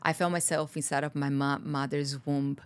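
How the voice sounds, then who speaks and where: A woman's voice: low-pitched, level tone, moderate pace, clean tone. A woman from Brazil, a guest telling a personal story in an interview, candid and earnest, her words tumbling out with many restarts.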